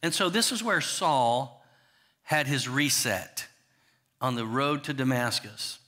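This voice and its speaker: A man's voice: mid-range voice, slow, pushed and bright. A man preaching a sermon in a conversational way, often restarting and asking the congregation questions. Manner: frequent restarts and "you know" asides. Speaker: pastor.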